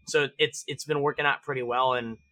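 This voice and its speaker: A man as a podcast guest, telling stories animatedly, swearing freely and acting out shouted range commands. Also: medium pitch, steady tone, fairly quick. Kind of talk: casual interview chat.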